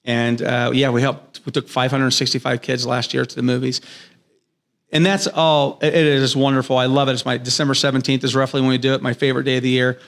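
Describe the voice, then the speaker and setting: A man in his thirties or forties talks casually as a podcast guest. His voice sits at an ordinary middle pitch. He tells stories earnestly and enthusiastically, acting out bits of dialogue as he goes. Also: little pitch movement, a little fast, a bit bright. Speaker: podcast guest, business owner. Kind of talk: casual interview storytelling. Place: podcast studio.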